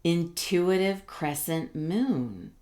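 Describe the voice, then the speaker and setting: A woman's voice: lowish voice, animated, drawn-out words, a little mellow. A middle-aged woman giving a casual tarot reading, rambling and reassuring with many fillers and restarts. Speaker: tarot reader.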